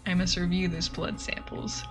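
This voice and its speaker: A woman's voice: fairly low pitch, flat delivery, moderate pace, pitched below the performer's own voice, natural voice, rough recording. A woman reading as a greedy scheming doctor.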